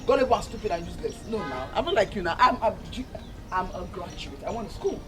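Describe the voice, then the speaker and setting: A woman's voice: fairly low pitch, very animated, fast talker, over music. A woman with a Nigerian accent playing a scornful, mocking older sister in a Nollywood film. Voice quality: loud, mocking, taunting. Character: scornful bossy young woman bully.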